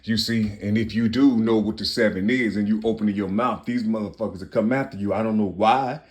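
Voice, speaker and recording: Speaking a touch quickly in a steady tone, a man in his fifties rambles passionately through a monologue. He repeats himself and shifts between loud outbursts and quiet muttering.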